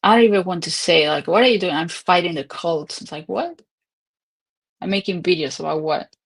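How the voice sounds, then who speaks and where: On a casual livestream recorded at home, a woman in her twenties or thirties chats and rambles, laughing often. Her voice is on the low side, brisk, gravelly and a touch rough.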